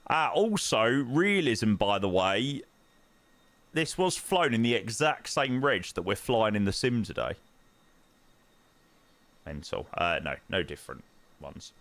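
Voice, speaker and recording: A man's voice: on the low side, sing-song, measured pace, pauses often, a bit bright, no room sound. A young man chatting casually on a flight-sim live stream, bantering with chat in slang.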